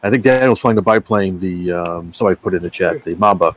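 A man's voice: low-pitched, fast talker. A man hosting a casual chat, rambling with many fillers. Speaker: podcast host.

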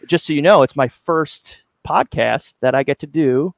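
A man's voice: a little high, normal speed, gravelly, no room sound. Guy on a podcast as a company rep, easygoing, kinda hesitant, dry mic. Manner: relaxed, modest, hesitant with fillers. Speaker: guest, company representative. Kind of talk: casual interview chat.

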